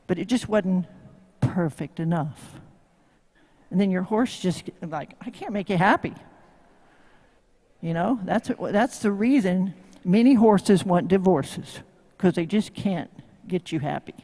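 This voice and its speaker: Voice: mid-range voice, unhurried, dark tone. A horsemanship instructor with a Tennessee accent gives a live demo talk. The delivery is folksy and joking, full of questions thrown out to the crowd. The voice rings with the long reverb of a large venue.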